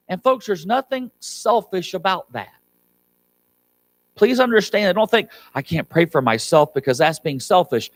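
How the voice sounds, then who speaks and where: A fairly high-voiced man preaches with emphasis, jumping from loud cries to quiet asides. The sound is dry and close, with little room around it. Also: animated, normal speed, dry recording. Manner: emphatic preaching with acted-out quotes and a wide swing between loud and soft. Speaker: pastor. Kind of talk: sermon. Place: church sanctuary.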